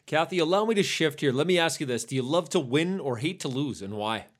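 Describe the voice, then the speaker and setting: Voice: medium pitch, lively intonation, brisk. A podcast host asking questions in a friendly, upbeat way. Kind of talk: casual interview talk.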